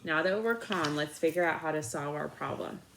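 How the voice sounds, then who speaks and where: A woman reading aloud and voicing a calm, kindly grown woman who speaks slowly and soothingly. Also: deep voice, creaky, a little hiss or hum, rough recording. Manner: slow, soothing, measured. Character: calm kindly woman, the thinking part of the brain.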